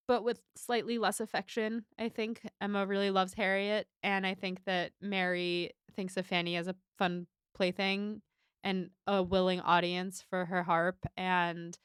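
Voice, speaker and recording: A woman co-hosting a podcast, talking through a book in a chatty, loose way, with a smooth, clear voice. Her speech is full of "like" and "kind of" fillers. The sound is dry and close, with no room around it. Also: medium pitch, a bit bright, dry recording. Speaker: podcast co-host. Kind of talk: casual book discussion.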